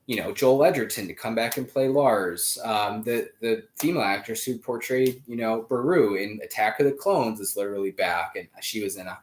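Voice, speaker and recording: A male podcast host talking in a casual, rambling way with lots of fillers and sudden jumps in pitch and loudness. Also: normal speed, hardly any pauses. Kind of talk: casual chat.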